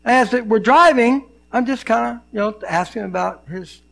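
An older man preaches from the pulpit in a church, his voice pitched high with a rough, gravelly edge. He tells stories from his own life and acts out the people in them. The manner is animated and personal. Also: moderate pace. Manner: animated storyteller, acts out dialogue. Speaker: pastor. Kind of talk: sermon with personal storytelling.

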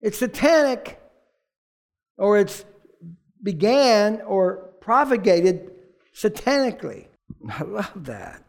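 A man preaching a casual, conversational sermon as a pastor, emphatic and informal, sometimes dropping to a hushed, emotional tone. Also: high-pitched.

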